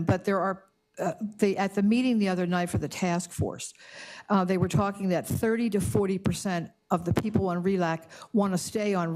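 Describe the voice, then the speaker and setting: A woman's voice: medium pitch, darkish tone. Older woman, indignant public comment. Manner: emotional, indignant, halting with restarts. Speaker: resident giving public comment. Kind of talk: public comment at a community board meeting.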